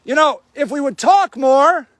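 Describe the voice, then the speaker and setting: A man livestreaming from a homeless camp sweep, shouting angrily and confronting officials. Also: very high voice, animated, measured pace, dry recording, studio quality. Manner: shouting, furious, accusatory. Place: outdoor homeless camp in snow.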